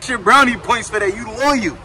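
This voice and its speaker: A man's voice: a little high, brisk, a bit bright, poor audio. A man interviewing people on the street for his vlog, earnest and emotional, often repeating himself. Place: outdoors on a city street. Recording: street traffic noise outdoors.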